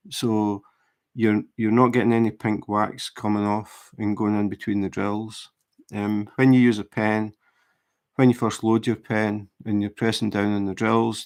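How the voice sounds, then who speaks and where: A man chatting casually while he works on a craft project, explaining tips in a relaxed way with fillers and restarts. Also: lowish voice. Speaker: diamond painting livestreamer.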